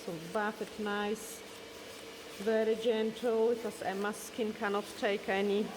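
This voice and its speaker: A woman's voice: mid-range voice, level tone, measured pace. Woman talking through a nail tutorial. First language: Polish. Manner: chatty, explains steps as she works. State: losing her voice. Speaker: nail technician. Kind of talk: casual tutorial narration. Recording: background noise from a hair dryer.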